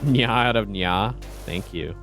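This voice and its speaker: A man's voice: lowish voice, slow pace, music in the background. A man chatting casually on a game stream, playful and laughing often.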